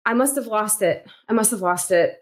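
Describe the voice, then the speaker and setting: A woman's voice: mid-range voice, normal speed, lightly acted. A woman voicing her tabletop game character, a frazzled young woman who keeps apologizing and swearing through a terrible night. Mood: rattled. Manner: flustered, apologetic, swearing under breath.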